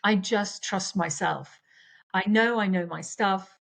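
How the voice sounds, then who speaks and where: Middle-aged woman, life coach, earnest and explanatory, casual chat, mid pitch. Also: takes it slowly, gravelly, rough recording. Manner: earnest, explanatory, acts out quoted exchanges. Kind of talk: casual podcast conversation.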